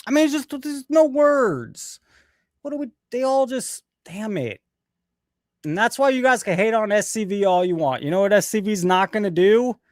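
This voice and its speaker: A male host rants through a casual live show, sarcastic and quick to swear. His voice sits a little high, and the recording is dry, with no room sound. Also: dry recording. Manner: ranting, profane, sarcastic.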